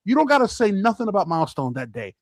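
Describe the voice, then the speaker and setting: A man's voice: high voice, very animated, fast talker, dry recording. A man co-hosting a casual show, telling stories and acting out what people said in changing voices. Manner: acts out quotes in different voices, laughs a lot. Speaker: podcast co-host. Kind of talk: animated storytelling chat.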